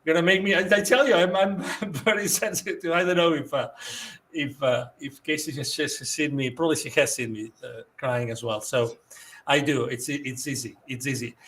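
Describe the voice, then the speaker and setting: Male host, effusive and repetitive, fairly high pitch. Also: a bit bright. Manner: effusive, repeats himself, restarts often. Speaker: show host. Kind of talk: live show sign-off, reading viewer messages.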